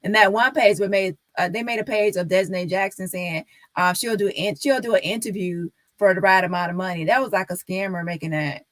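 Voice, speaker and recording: A woman's voice: mid-range voice, steady tone, brisk, hardly any pauses, a bit bright, dry recording. Insistent woman streamer, dry sound. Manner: insistent, repeats points, talks straight to viewers. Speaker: live-stream commentator. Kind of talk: casual live-stream commentary.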